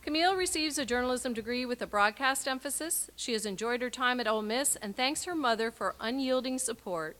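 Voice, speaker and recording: A woman with a bright, forceful voice pitched a little high reads out names and short messages at a graduation ceremony. Her delivery is clear and measured, with emphatic sign-offs.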